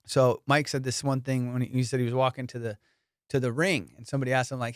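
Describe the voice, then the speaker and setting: A man hosting his comedy podcast in casual chat, telling profane, animated stories and laughing often. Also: medium pitch, fast talker, no room sound, studio quality.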